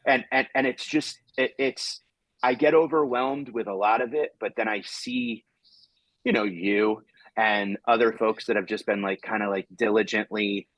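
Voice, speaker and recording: A man's voice: fairly low pitch, steady tone, moderate pace, fairly bright tone, no echo, low-quality recording. A man hosting a comedy podcast, telling stories in a rambling way with plenty of restarts. He acts out the back-and-forth of his anecdotes. The sound is close and dry, with no room around it. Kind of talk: casual chat.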